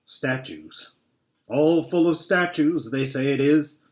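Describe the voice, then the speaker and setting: A man's voice: on the high side, slow pace, a little mellow. A man reading aloud and voicing a homely, earnest male beaver with a folksy, emphatic way of talking. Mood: ominous.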